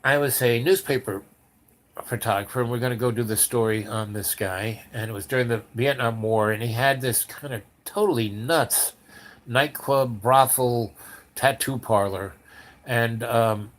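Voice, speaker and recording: An older man in his seventies spins a long personal yarn at a middling pitch. He wanders and doubles back, full of "you know" and half-started words, shifting freely between brisk and drawn-out stretches. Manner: meandering, many fillers and restarts. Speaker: storyteller. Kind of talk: rambling spoken anecdote.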